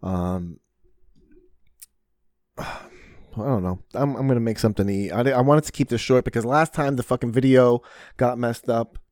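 A man's voice: medium pitch, measured pace, pauses often, darkish tone, no echo, studio quality. A man hosting his own podcast in a casual solo rant, rambling and swearing often, with frequent fillers and restarts. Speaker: podcast host. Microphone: podcast mic.

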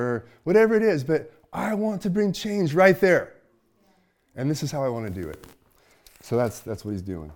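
Middle-aged male pastor, conversational sermon, shifts between emphatic and soft. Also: medium pitch. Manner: conversational, swings from loud to hushed.

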